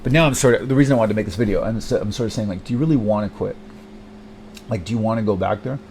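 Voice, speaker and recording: A man's voice: fairly low pitch, very fast, a little mellow, a little hiss or hum. A young man in a rambling personal monologue, hesitant and self-deprecating, full of fillers, restarts and swearing. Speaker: vlogger.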